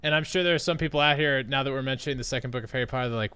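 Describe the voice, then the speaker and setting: A young man co-hosting a podcast, chatting casually, jokey, animated and full of swearing. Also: mid-range voice, quick pace, clear, resonant tone. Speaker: podcast co-host. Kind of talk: casual chat.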